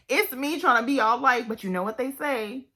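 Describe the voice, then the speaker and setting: Bright-voiced chatty young woman vlogger. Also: a little high. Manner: animated, chatty, many fillers. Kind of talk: casual storytime chat.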